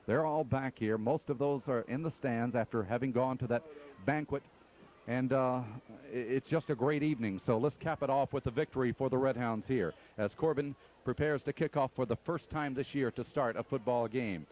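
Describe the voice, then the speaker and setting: A man doing radio play-by-play of a football game from the press box, calling each play briskly and steadily. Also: mid-range voice, darkish tone. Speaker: play-by-play announcer.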